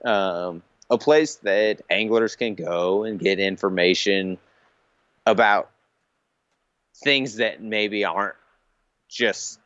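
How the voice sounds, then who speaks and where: A man's voice: lowish voice, slow pace, long pauses, a bit bright, dry recording, lo-fi sound. A man guesting on a show, chatting casually and giving earnest advice. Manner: jokey, slips into mock accents, then earnest advice. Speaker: guest angler. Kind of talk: casual interview chat.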